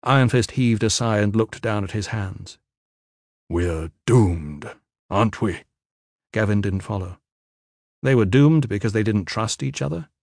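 A man reading a fantasy novel aloud in measured, even scripted narration. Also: lowish voice, vocal fry, no room sound, clean studio sound. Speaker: audiobook narrator.

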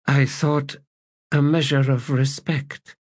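A man voicing a grieving woman of an ancient non-human race, speaking formally and softly in an audiobook. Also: medium pitch, little pitch movement, slow, no room sound, studio quality, voice pushed up. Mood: solemn. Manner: formal, hesitant and soft.

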